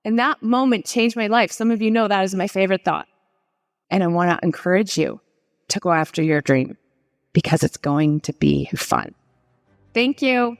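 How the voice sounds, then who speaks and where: A woman's voice: fairly low pitch, animated, moderate pace. A woman life coach giving an earnest, encouraging inspirational talk, telling stories to the audience. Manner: earnest, encouraging, speeds up when urging. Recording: long hall reverb.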